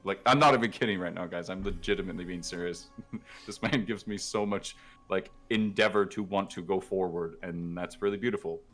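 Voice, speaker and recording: A man's voice: low voice, brisk, a bit bright, faint music behind. A man playing in a tabletop game, chatting casually, joking and swearing. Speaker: player.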